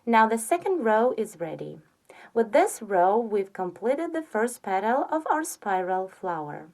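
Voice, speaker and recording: Woman crochet instructor, slow and patient, lively pitch, counts stitches softly. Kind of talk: step-by-step tutorial narration.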